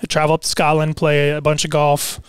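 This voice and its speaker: Relaxed young man from Seattle. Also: a little high, a little fast, clean tone, no echo. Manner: relaxed, laid-back, many fillers. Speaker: basketball player guest. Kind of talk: casual interview.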